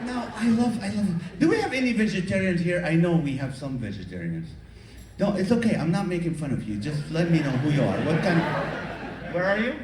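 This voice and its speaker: A man with a high voice, speaking a little fast, performs stand-up comedy at a venue with an audience, animatedly acting out characters and doing crowd work. It's captured by a far camera among the audience, sounding echoey and distant with background noise.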